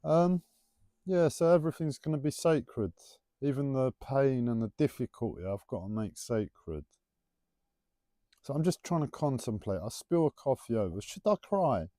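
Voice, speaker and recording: A man rambling through a casual spiritual musing, his pitch rising and falling a lot as he teases. His voice is mellow and soft-edged, and the recording is dry and close. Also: lively intonation, normal speed, no room sound. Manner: playful, rambling, teasing. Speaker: livestreamer.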